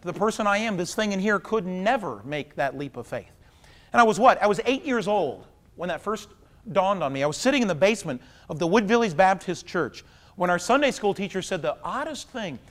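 A man in his thirties performing a stand-up monologue, wry and storytelling, breaking into loud exasperated punchlines. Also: sits high, very animated, moderate pace. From Pacific Northwest of the US. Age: 30s. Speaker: stand-up comedian. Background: audience laughter.

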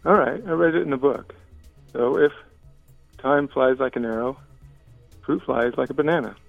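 A man's voice: medium pitch, normal speed, vocal fry, dry recording. A man calling into a radio show to tell a joke, a little hesitant. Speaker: caller. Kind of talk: telling a joke on a call-in show. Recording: tinny phone line, music under.

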